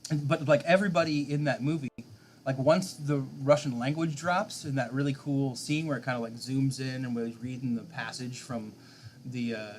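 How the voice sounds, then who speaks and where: A man's voice: mid-range voice, steady tone, moderate pace, darkish tone, slight background noise. A man streaming a game live late at night, rambling casually and answering viewers' chat.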